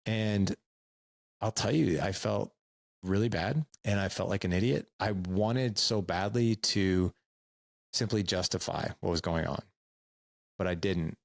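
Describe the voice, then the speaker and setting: Middle-aged male podcast host, deep voice with gravel, candid and repetitive for emphasis. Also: measured pace, no echo. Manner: earnest, repeats words for emphasis. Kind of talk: candid storytelling advice.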